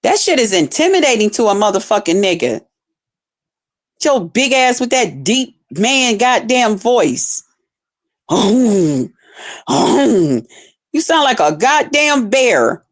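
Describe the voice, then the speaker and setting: A woman's voice: on the high side, very animated, unhurried. A woman streamer delivering a scornful, confrontational rant full of constant cursing. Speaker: online streamer. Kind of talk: profane ranting commentary.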